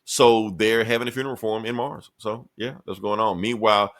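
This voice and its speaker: A man's voice: fairly low pitch, steady tone, a little fast, fairly bright tone. A man co-hosting a podcast, loosely recapping a comic book issue in a profane, joking way with frequent laughs. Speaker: podcast co-host.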